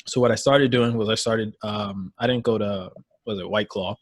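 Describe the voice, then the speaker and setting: A man's voice: fairly low pitch, steady tone, moderate pace, dry recording. A man co-hosting a fitness podcast, rambling casually with many "like"s and "um"s. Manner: rambling, heavy use of "like" and "um". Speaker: podcast co-host, trainer. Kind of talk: casual chat.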